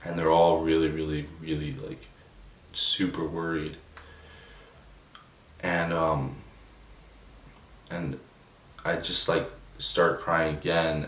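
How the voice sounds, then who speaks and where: A young man telling a personal story in a subdued, emotional way, halting with many restarts and fillers. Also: rumbling low, flat delivery, a bit bright. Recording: roomy echo, distant from the mic, faint noise.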